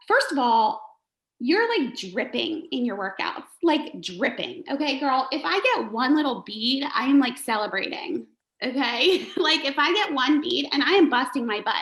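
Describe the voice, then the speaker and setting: A woman in a group video chat, cheering a friend on in an animated, laughing way and swearing casually. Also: high voice, normal speed. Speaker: group member giving encouragement. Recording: echoey room.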